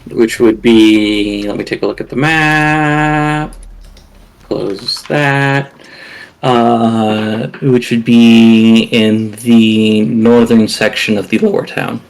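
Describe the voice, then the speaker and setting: Gravelly-voiced man running a tabletop game. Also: mid-range voice, fairly even intonation, takes it slowly. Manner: hesitant, searching for words. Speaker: game master.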